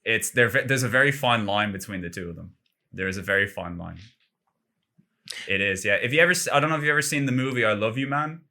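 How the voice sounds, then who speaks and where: This fairly low-pitched man sounds animated and sharp, talking fast. He rambles through a casual gaming podcast conversation, leaning heavily on "like."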